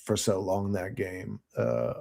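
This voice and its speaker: A man's voice: deep voice, monotone, takes it slowly, gravelly, darkish tone. A man in his late thirties from Florida, talking through viewer comments in a casual, rambling monologue full of profanity and fillers. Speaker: channel host reading viewer comments.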